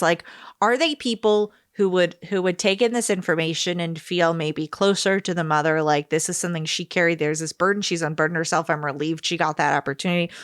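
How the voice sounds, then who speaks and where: A woman's voice: fairly low pitch, dry recording, studio quality. A woman co-hosting a podcast, talking things through in a thoughtful, chatty way. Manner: thoughtful, chatty, laughs often. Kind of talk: casual chat.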